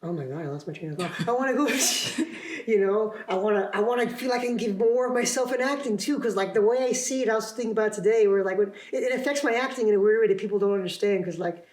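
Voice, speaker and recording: A man's voice: high voice, fast. Rambling young man laughing at himself. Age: young adult. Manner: rambling, laughs often, self-deprecating, many restarts. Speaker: podcast guest, actor. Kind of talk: casual podcast interview. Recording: roomy echo.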